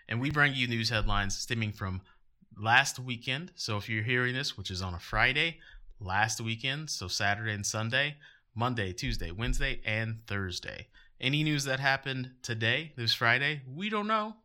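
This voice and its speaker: A man's voice: mid-range voice, moderate pace, bright, forceful tone. A man hosting a podcast in a casual, jokey, rambling way, poking fun at himself. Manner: jokey, rambling, self-mocking. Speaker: podcast host.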